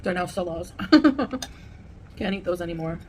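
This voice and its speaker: A woman's voice: on the low side, animated, takes it slowly, darkish tone. Chatty woman talking between bites. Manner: chatty and rambling, eating between words. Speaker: vlogger. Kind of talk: casual eating vlog chat.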